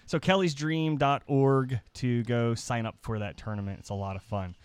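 A man's voice: mid-range voice, fairly even intonation, smooth. Easygoing man reading podcast sponsors. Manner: easygoing, halting, with fillers. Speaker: podcast host. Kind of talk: casual podcast chat with sponsor reads.

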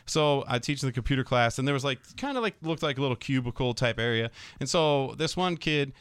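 A man's voice: mid-range voice, a little fast, clean tone, no echo. A man who teaches middle school, telling stories in casual podcast chat and acting out his students' voices. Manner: animated storyteller, acts out students' voices.

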